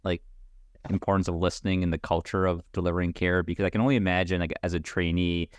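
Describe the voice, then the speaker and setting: A man with a very deep voice puts a long question to a podcast guest. He hedges and pads his words with "like" as he works through the question. The sound is dry and close. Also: level tone, quick pace, smooth, dry recording. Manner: thoughtful, hedging, many "like" fillers. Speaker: podcast co-host.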